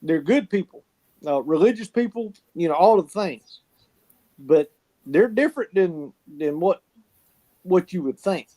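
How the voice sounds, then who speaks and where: Animated folksy man. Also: high-pitched, unhurried, pauses often. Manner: animated, folksy, swears freely, laughs often. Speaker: podcast co-host. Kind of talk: casual storytelling chat.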